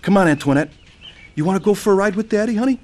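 Sincere male narrator, slightly high voice, earnest testimony. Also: expressive, racing, darkish tone. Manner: earnest, pleading. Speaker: narrator telling his own conversion story.

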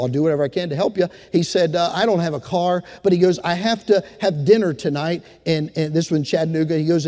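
A man's voice: high voice, warm tone, long reverb tail. A man preaching a sermon, telling a story and then rising into fervent exhortation to his congregation. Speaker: pastor.

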